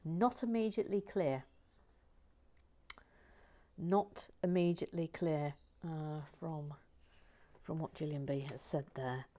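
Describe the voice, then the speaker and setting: A woman hosting a relaxed live Lego build, reading chat aloud with dry humour and murmuring asides while she works. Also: on the low side.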